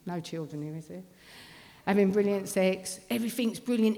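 A middle-aged woman tells her recovery testimony in blunt, working-class speech full of swearing. Her voice sits at an ordinary pitch and carries a long reverb from the hall. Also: moderate pace, mellow.

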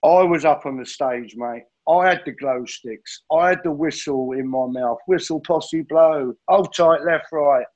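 A man's voice: fairly high pitch, a little slow, few pauses, darkish tone, muffled recording. A middle-aged man sharing his addiction recovery story in a rambling, blunt way, swearing and saying mate constantly.

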